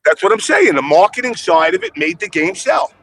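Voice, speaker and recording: Blunt, gravelly man with a high voice. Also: wildly swooping pitch, fairly quick, fairly bright tone, faint music behind. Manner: blunt, profane storytelling. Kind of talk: casual podcast chat.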